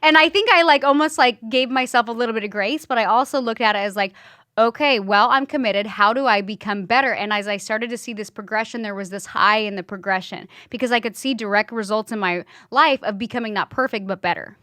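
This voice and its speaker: A woman's voice: on the high side, a little fast, sharp tone, no room sound, clean studio sound. A woman hosting a casual podcast, telling candid stories with blunt swearing and acted-out quotes. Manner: candid storytelling, swears freely, acts out quotes. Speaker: podcast host, hair educator.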